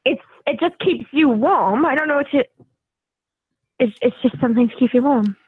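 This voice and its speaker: A woman's voice: sits high, normal speed, slightly rough, no echo, phone-quality sound. A woman guest chatting playfully on a podcast, laughing often. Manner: giggly, playful. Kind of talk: casual chat.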